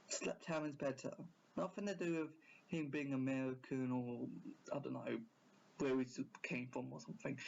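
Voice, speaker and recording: A man's voice: on the high side, gravelly, a little mellow. A man giving a casual, rambling video review, often hesitating and correcting himself. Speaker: YouTube reviewer. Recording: dull lo-fi recording.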